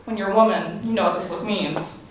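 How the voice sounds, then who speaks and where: A woman's voice: mid-range voice, brisk, very noisy. A young woman doing a stand-up comedy set, telling stories in a sarcastic, playful way. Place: campus forum room with audience. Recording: echoey room from far off. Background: audience laughter.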